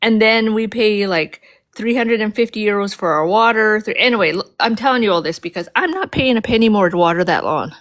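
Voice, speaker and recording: A woman's voice: medium pitch, a little fast, a bit bright. A woman from the US, chatting casually in a rambling way, full of asides and restarts. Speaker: guest in a live chat. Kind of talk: casual chat.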